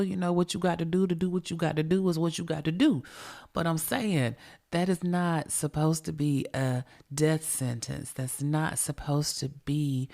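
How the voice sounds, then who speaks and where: A woman's voice: deep voice, darkish tone. A woman hosting a true crime podcast, telling the story in a profane, emphatic, conversational way and talking straight to her listeners. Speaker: podcast host.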